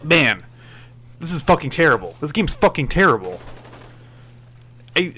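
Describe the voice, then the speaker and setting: A man's voice: a little high, big pitch swings, measured pace, long pauses, a bit bright. Cursing, stammering man reviewing games. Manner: profane and exasperated, stammers and restarts. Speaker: game reviewer. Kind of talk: ranting game review voice-over.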